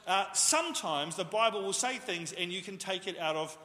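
A man's voice: high-pitched, expressive, moderate pace, bright, forceful tone. A man preaching a sermon as pastor, jokey and conversational, in a church hall with a long reverb. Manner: jokey, self-deprecating, conversational.

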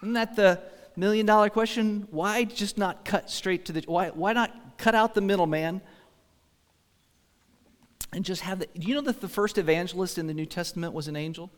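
A man's voice: high-pitched, moderate pace, long reverb tail. A man pastor giving a sermon, telling stories in a conversational way and asking the congregation questions.

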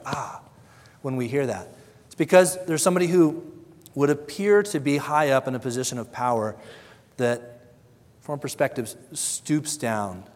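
A man's voice: medium pitch, big-room sound. A man preaching a sermon, earnest and conversational, who briefly acts out the voices of the people he quotes and often repeats his words. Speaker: pastor.

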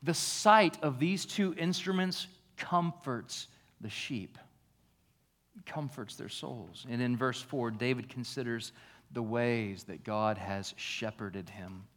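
A pastor preaching a sermon, shifting between hushed, slow reflection and raised, emphatic passages. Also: male voice, fairly low pitch. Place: church.

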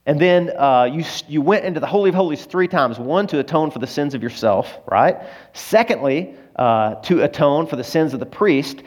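A pastor preaches a sermon, his delivery shifting between loud emphasis and hushed, low moments. He's emotional and near tears, speaking expressively at a moderate pace.

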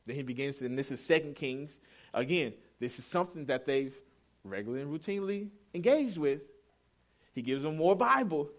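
A man's voice: a little high, expressive, brisk. A man in his thirties preaching a sermon as pastor, telling a family story in a candid, self-deprecating, conversational way.

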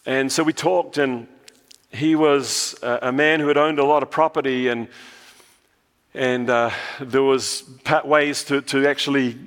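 A man's voice: medium pitch, fairly even intonation, unhurried, fairly bright tone, long reverb tail. A male pastor from New Zealand preaching a sermon, telling stories and often repeating words as he restarts a phrase.

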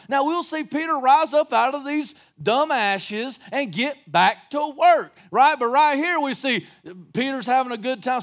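A male pastor preaching a sermon in a folksy, joking way, rising to shouts for emphasis. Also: extremely high pitch.

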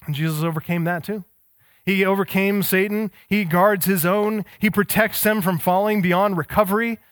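A man with a fairly high voice delivers a sermon as pastor, driving his points home with emphatic, stacked phrases. The sound is close and dry, with little room echo. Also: fairly even intonation, moderate pace, a bit bright. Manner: emphatic, building intensity with repeated phrases. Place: church.

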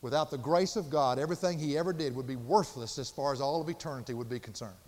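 An older man preaching a sermon with passion, swinging from loud emphasis to hushed, quiet tones. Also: mid-range voice, fast, in a large hall. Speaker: pastor.

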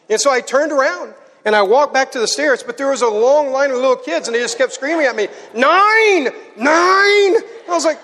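A man preaching to a live audience, telling a story with animated energy and getting the crowd to join in. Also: extremely high pitch. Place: large hall. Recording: hall with long reverb.

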